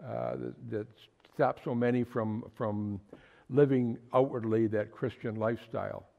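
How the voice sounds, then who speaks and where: Guy preaching to a small church group, gravelly, earnest, kinda muffled recording. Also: medium pitch, fairly even intonation, a little slow. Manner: earnest, emphatic, with repeated words and asides. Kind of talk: sermon. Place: small fellowship meeting room.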